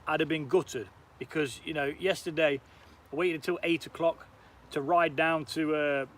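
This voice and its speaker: While cooking on a camp stove outdoors, a British man live-streams casual chat, light swearing included, and answers viewer comments. His voice is fairly high and fairly bright, with slight background noise.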